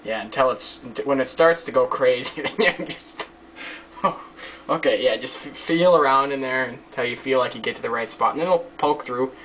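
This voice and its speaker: A man's voice: medium pitch, normal speed, fairly bright tone. A man giving a casual hands-on tutorial, rambling and joking with a lot of swearing. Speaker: how-to video maker. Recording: distant mic with faint background hiss.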